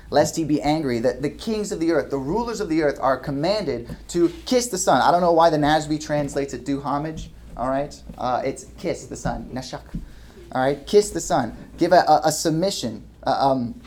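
A man preaching A pastor gives a Sunday sermon in a church hall and reads scripture aloud. His voice sits at a middle pitch. He swings between loud emphatic questions and quiet asides.

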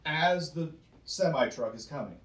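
A man's voice: fairly high pitch, animated, unhurried, fairly bright tone. A man preaching with emphatic force, firing off rhetorical questions and doubling back on his words. He sits back from the mic in a roomy space, so his voice carries a hollow ring. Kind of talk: preaching to a small group. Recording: roomy sound from a distance.

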